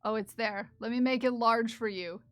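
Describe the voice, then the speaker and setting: A woman's voice: on the high side, moderate pace, fairly bright tone, dry recording. A woman live streamer chatting casually and playfully with her viewers, often giggling and teasing. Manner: playful, giggly, talks to chat. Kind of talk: casual livestream chat.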